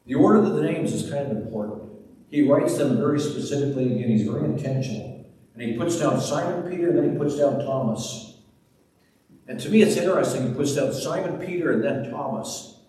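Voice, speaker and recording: A man preaching a sermon as pastor, teaching deliberately and dramatizing the scenes he retells. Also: mid-range voice, warm tone. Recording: echoey hall, mic far off, faint ambience.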